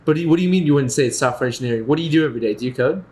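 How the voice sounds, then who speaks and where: A man in his twenties co-hosting a podcast, asking quick probing questions in casual chat. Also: mid-range voice, darkish tone. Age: 20s. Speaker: podcast co-host.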